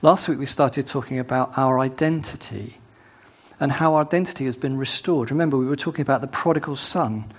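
A man's voice: mid-range voice, fairly quick, breathy edge. A man preaching a sermon, first reading scripture aloud, then talking it through conversationally with asides and tag questions.

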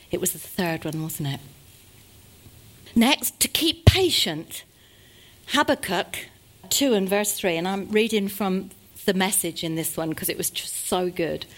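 A woman preaching a sermon to a congregation, swinging between loud exhortation and hushed asides. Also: mid-range voice.

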